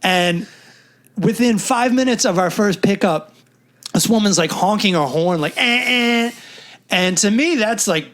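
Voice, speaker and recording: Podcast co-host, male, slightly high voice, animated raconteur who acts out every quote. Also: moderate pace. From New York. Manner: animated storyteller, acts out quotes, swears freely. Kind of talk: casual chat.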